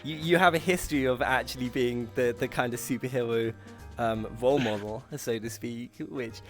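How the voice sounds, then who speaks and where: A man's voice: mid-range voice, moderate pace, soft background music. A man from London with a London accent, hosting a casual interview, enthusiastic and laughing a lot. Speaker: talk show host.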